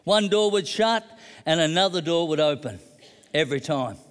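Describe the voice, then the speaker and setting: Aussie preacher guy, middle-aged, tells stories then gets fired up, highish voice, long hall echo. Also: lively intonation, moderate pace. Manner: conversational storytelling, rising to emphatic declarations. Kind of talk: sermon with personal story.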